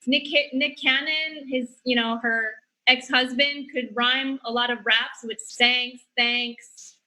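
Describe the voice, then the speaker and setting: A woman's voice: high-pitched, fairly even intonation, slow, pushed and bright, poor audio. A female comedian on the panel, speaking drily and filling gaps with ums.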